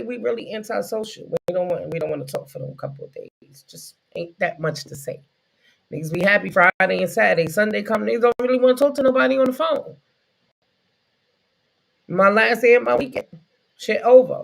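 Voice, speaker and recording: A man streaming a casual, profane comedy rant, telling it loosely with quick asides. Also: high voice, creaky, poor audio.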